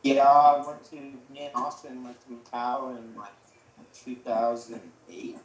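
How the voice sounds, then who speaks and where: A man's voice: mid-range voice, flat delivery. A man from South Dakota answers loosely as a podcast guest, his sentences trailing off and restarting. His voice sits in an echoey room, with a faint noise floor under it over a video call. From South Dakota, USA. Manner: halting, loose, drifting sentences. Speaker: podcast guest, motocross rider. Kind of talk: casual chat.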